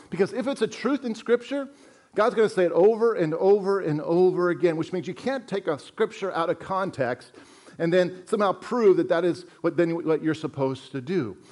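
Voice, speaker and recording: A man delivers a sermon as a pastor, his voice pitched notably high for a man. He speaks earnestly and with emphasis, circling back over key phrases again and again to press them home. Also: a little mellow.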